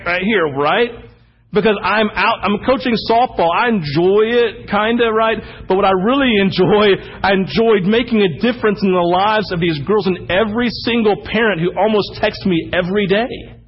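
A man preaches a sermon, acting out everyday stories and bursting into loud exclamations. His voice sits a little high and sounds husky. The recording is dull and lo-fi. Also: normal speed. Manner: animated storytelling, acting out anecdotes with sudden shouts. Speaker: pastor.

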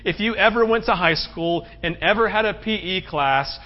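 High-voiced guy preaching, chatty, keeps asking "right?", kinda muffled audio. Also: moderate pace. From United States. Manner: conversational, rhetorical questions. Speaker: pastor. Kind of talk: sermon. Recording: slightly muffled recording.

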